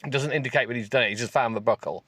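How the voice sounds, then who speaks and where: A male podcast host reading a text aloud for comedy, stopping to mock it with sarcastic asides and breaking into high giggles. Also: racing, fairly bright tone, breathy edge, no room sound. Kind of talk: comic reading with running commentary.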